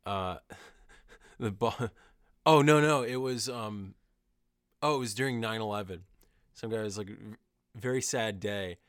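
A young man co-hosting a podcast, delivering dry, absurd jokes in a deadpan way. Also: lowish voice, a little slow, long pauses, smooth, no echo. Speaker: podcast co-host. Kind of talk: casual chat.

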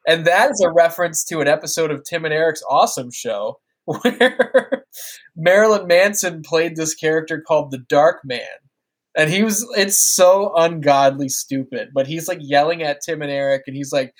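A man's voice: fairly high pitch, normal speed. A man talking as a guest on a podcast, telling stories casually, swearing and laughing easily. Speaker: podcast guest and wrestling-game streamer.

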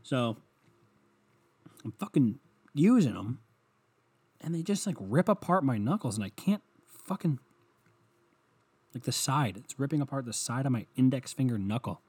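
A young man rants alone at home in a loose, comedic monologue, swearing freely and drifting from one gripe to the next. His voice is husky and a little breathy, set at an ordinary middle pitch for a man. The tone stays sarcastic and rambling throughout. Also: lively intonation, moderate pace, long pauses, a little mellow. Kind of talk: solo comedic ranting monologue.

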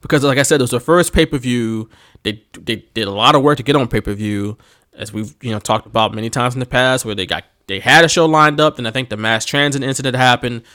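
A man with a Philadelphia accent co-hosting a podcast in casual, animated chat, laughing often and talking slangy. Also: mid-range voice, quick pace. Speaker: podcast co-host.

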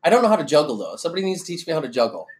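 A man from Iowa, relaxed and jokey, chatting as an interview guest. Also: a little high, racing, noisy background. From Cedar Rapids, Iowa. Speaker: school staff member, interview guest. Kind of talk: casual interview chat.

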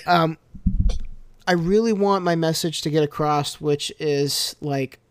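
A young man hosting a casual podcast, telling stories in an animated, jokey way that swings from quiet to loud. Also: a little high, takes it slowly, clean tone, no room sound. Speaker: podcast host.

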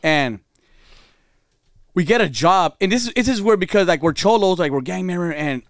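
A man's voice: high voice, animated, moderate pace, no room sound, clean studio sound. A man telling a story in casual chat, laid-back, with slang and swearing. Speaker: podcast co-host.

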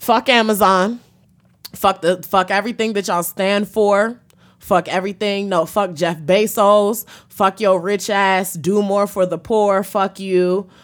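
A woman's voice: medium pitch, fairly even intonation, a little slow. A woman hosting a podcast, ranting bluntly with plenty of profanity. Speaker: podcast host. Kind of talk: profane comedic rant.

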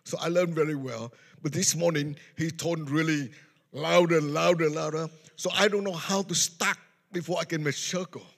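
A man preaches his personal testimony in simple, non-native English. His voice is husky and gravelly, and it is on the higher side. A long echo from the hall hangs behind his words. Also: steady tone, moderate pace, a bit bright. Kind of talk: sermon testimony storytelling.

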